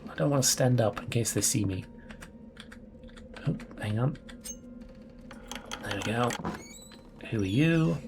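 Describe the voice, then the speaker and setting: A man's voice: medium pitch, animated, slow, creaky, long pauses, music in the background. A man casually commentating his own gameplay, chatty, playful and sweary. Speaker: let's play host.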